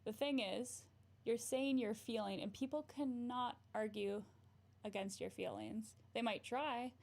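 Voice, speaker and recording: Brief: young woman therapist hosting a casual stream, slightly gravelly, tags "right?" a lot. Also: on the high side, unhurried, darkish tone. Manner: frequent "right?" tag questions, laughs often. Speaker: therapist and livestream host. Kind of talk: casual livestream advice chat.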